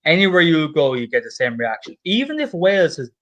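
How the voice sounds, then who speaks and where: A man's voice: a little high, big pitch swings, a little fast, a bit bright, dull audio. A man in casual chat, talking emphatically and swearing as he praises a welcome.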